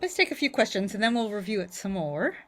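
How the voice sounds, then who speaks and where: A woman's voice: medium pitch, big pitch swings, fast, fairly bright tone, slight background noise. A woman teaching Irish mandolin tunes in an online class, casually explaining phrasing, often checking in with "right?". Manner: casual, explains with sung syllables and frequent "right?". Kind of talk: online music lesson. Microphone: video call. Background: mandolin playing.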